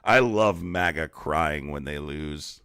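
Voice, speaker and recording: A man's voice: very deep voice, slow, bright, forceful tone, clear, resonant tone, no echo, studio quality. A man hosting a heated live-streamed debate, mocking and profane as he argues with callers. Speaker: livestream debate host.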